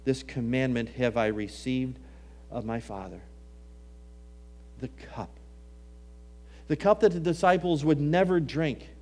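Unhurried and given to long pauses, this man preaches a sermon that alternates soft, low passages with emphatic, louder ones, citing scripture in old-style wording.

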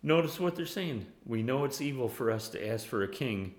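A man preaching a sermon in an animated way, laughing often and at times rising to near-yelling. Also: medium pitch, normal speed, hardly any pauses.

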